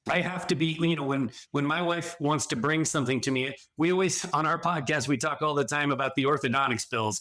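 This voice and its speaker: Appearing on a podcast interview, this middle-aged addiction and sexual health counselor talks earnestly in a mid-range, slightly bright voice. His explanations run long, and he often restarts his sentences.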